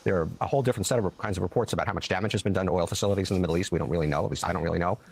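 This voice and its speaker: A man giving measured economic analysis as a guest on a news panel. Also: sits low, gravelly, husky. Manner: measured, explanatory, hedging.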